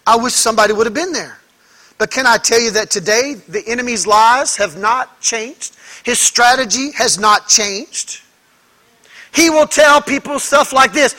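Pastor guy preaching, really high voice, slow and emphatic, keeps asking the crowd questions. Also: sharp tone. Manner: emphatic, asks the congregation rhetorical questions. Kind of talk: sermon.

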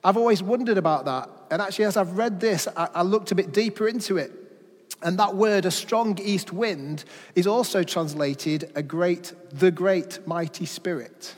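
A middle-aged man preaching a sermon, asking rhetorical questions, telling personal stories, and dropping to a hush at key points. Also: high-pitched, normal speed. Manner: rhetorical questions, personal anecdotes, dramatic drops in volume. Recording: long reverb of a hall.

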